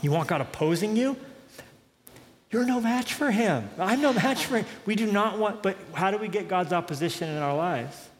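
A man's voice: high-pitched, normal speed. Preaching man in a reverberant hall. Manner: conversational preaching, animated, quotes dialogue. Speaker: pastor. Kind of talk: sermon.

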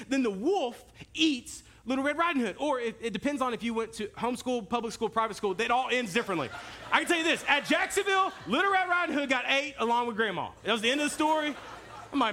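A man pastor preaching a sermon in an animated, storytelling way, talking directly to the congregation. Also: very high-pitched, fast talker.

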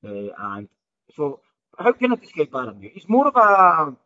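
A man's voice: a little high, wildly swooping pitch, moderate pace, bright, forceful tone, dull audio. A man hosting a solo podcast off the cuff, rambling and often ending sentences with "right?". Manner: rambling, restarts often, tags lines with "right?". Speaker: podcast host.

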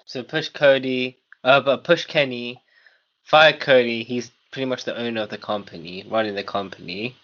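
Man, casual podcast guest, plain-spoken and opinionated, average pitch, muffled recording. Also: fairly even intonation, moderate pace, a bit bright. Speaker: podcast co-host. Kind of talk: casual chat. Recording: dull lo-fi recording.

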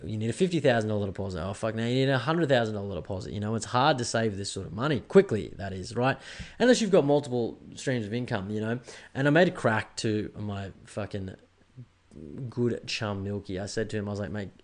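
A man's voice: on the low side, lively intonation, fairly quick. A young adult Australian man hosting a podcast, talking candidly in a casual solo monologue with lots of swearing and "right?" tags. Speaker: podcast host.

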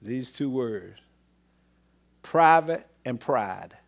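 A man preaching a sermon as pastor, swinging between loud exclamations and low murmurs, with repeated call-outs to the congregation. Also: animated, drawn-out words, gravelly. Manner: repetitive call-and-response phrasing.

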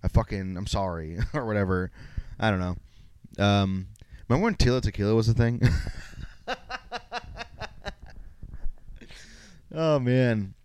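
A man's voice: fairly low pitch, moderate pace, darkish tone, clear, resonant tone, no room sound. Rambling, profane young man. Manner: rambling, profane, self-mocking. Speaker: podcast host. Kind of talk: solo casual podcast rant.

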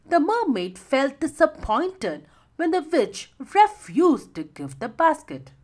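A woman narrating a children's story slowly and expressively. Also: a little high.

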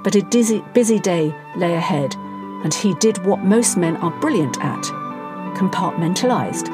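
A woman reading a satirical story aloud in a wry, dry, measured way. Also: on the low side, animated, over music. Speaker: narrator.

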